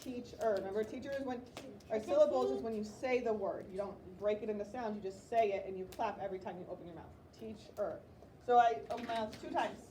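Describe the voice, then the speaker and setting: A woman teaching a writing lesson to young children, sounding out words slowly in a classroom. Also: medium pitch, dark tone. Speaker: elementary school teacher. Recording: roomy, distant classroom mic with background noise.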